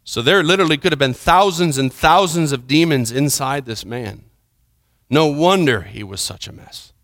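A man preaching a sermon, retelling a scripture story with dramatic swings from urgent, loud passages to hushed, quiet ones. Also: a little high, animated, moderate pace, no echo, studio quality.

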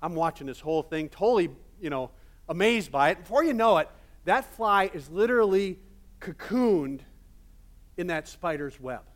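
A male pastor preaching a sermon in a casual, animated storytelling manner with many fillers. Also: high-pitched, moderate pace.

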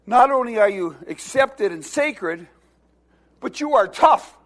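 Man, pastor, sermon, high voice, slow delivery, exhorting, call-and-response. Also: lively intonation. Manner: exhorting, has the congregation repeat phrases; preaching with rising emphasis, at times shouting.

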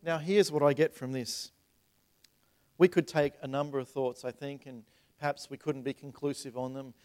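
A man's voice: medium pitch, steady tone, normal speed, a little mellow. A man in his thirties preaching a sermon to a congregation, talking in a conversational way that rises into emphatic passages. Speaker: pastor. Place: church sanctuary.

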